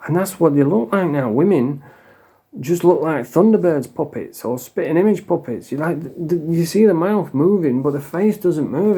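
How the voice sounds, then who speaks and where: A man's voice: on the high side, dark tone, husky. A middle-aged man with a Yorkshire accent, ranting bluntly and swearing freely in a monologue vlog. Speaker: vlogger.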